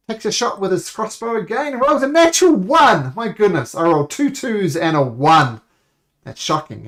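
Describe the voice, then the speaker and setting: Animated man running a tabletop game. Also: medium pitch. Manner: animated, rambling with self-corrections. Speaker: game master.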